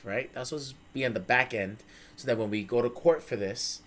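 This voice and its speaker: A male streamer hosting a casual chat, telling a story in a profane, animated way. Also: medium pitch, fairly quick, a little hiss or hum. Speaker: streamer host.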